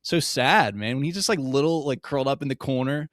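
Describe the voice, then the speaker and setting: A man's voice: mid-range voice, fairly quick, fairly bright tone, no echo, studio quality. A man co-hosting a podcast, thoughtfully walking through scenes of a TV episode in casual chat. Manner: thoughtful, walks through scenes with hedging fillers. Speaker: podcast co-host.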